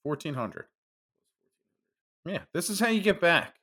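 A man's voice: a little high, expressive, unhurried, sharp tone, breathy edge. A man co-hosting a sports betting podcast, trading brash teasing banter while reading out his picks. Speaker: podcast co-host. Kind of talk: casual sports betting chat.

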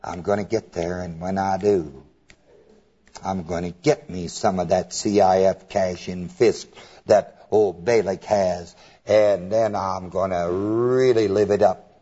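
A greedy schemer mutters in a low, slow drawl, as a preacher acts him out. The voice is husky and sits on a dull, lo-fi recording. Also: male voice, fairly even intonation, warm tone, heavily acted. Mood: scheming. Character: greedy scheming man, daydreaming of riches.

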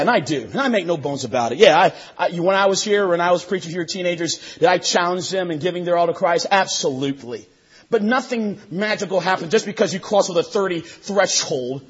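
A man preaching a sermon with an emphatic delivery that swings between hushed and shouted. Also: sits high, slightly rough. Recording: dull lo-fi sermon recording.

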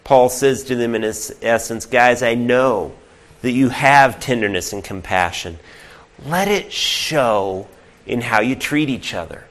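A male pastor preaching a sermon earnestly, asking the listeners direct questions and swinging from loud emphatic points to hushed, near-whispered lines. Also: mid-range voice, measured pace.

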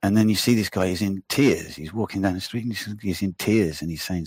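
Low husky man telling rambling stories. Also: fairly quick, dry recording, studio quality. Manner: rambling, swearing, animated storytelling. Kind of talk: casual chat.

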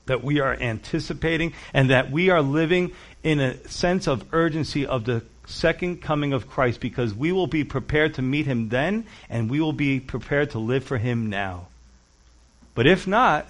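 A male pastor preaching a sermon, earnest and urgent, speaking directly to his listeners. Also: fairly high pitch.

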